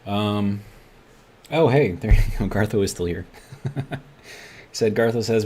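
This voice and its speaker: A man with a somewhat low voice streams a game, talking his moves through out loud. He rambles loosely and stops now and then to read chat messages to his viewers. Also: a little slow, slight background noise. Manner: rambling, thinks aloud, reads chat messages. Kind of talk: live gameplay commentary.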